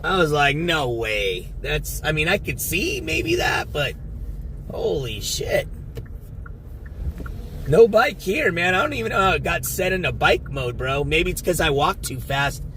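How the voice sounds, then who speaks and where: A man with a notably high voice chats casually with his live-stream viewers from inside a car. He rambles and swears freely. A faint hum of the road sits underneath. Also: very animated, measured pace, a bit bright. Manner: profane, rambling, talks to his chat. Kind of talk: casual live-stream chat while driving.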